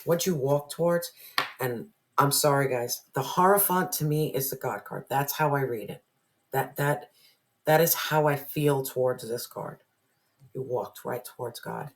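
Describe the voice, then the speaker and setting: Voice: mid-range voice, measured pace. Emotional, emphatic tarot reader. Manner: emphatic, repeats phrases, drops to whispers, swears. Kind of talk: emotional spiritual tarot reading.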